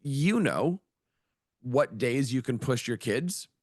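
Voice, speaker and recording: A middle-aged male educator in a podcast interview, with a mid-pitched voice recorded close and dry. He tells anecdotes and slips into the voices of the people he quotes. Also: animated, slow pace, a little mellow, no room sound. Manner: storytelling, acts out quoted voices. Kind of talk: conversational interview.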